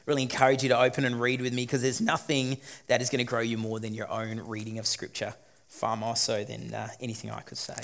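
A pastor preaching a sermon, moving between quiet reflection and loud emphatic points. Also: male voice, mid-range voice. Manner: dynamic, swings from quiet to emphatic.

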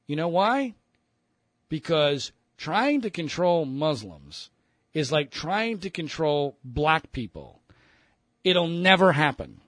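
Male radio host, storyteller, sharp tone, slightly higher pitch, profane, lively. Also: measured pace, dry recording. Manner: animated, profane, mimics others mid-story. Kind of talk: casual storytelling.

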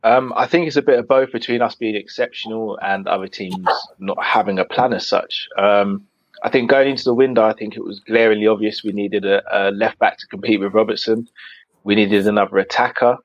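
A man who is a guest on a football podcast, giving measured and somewhat hesitant opinions. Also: lowish voice, steady tone, no echo, highs cut off. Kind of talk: casual football podcast chat.

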